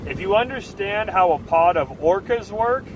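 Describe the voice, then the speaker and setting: A man's voice: high voice, lively intonation, moderate pace, a little hiss or hum. A man hosting a live stream, talking casually to his chat in assertive, fired-up rants. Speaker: livestream host.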